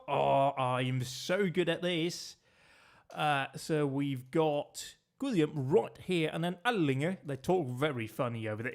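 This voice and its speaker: A man streaming a geography guessing game, chatting and joking with his viewers as he plays. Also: medium pitch. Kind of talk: casual gameplay commentary.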